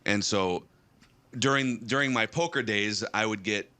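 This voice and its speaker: Bright-voiced man telling a story. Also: lowish voice, measured pace, clear, resonant tone. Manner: rambling, with frequent restarts and fillers. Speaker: guest. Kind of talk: casual storytelling on a talk show.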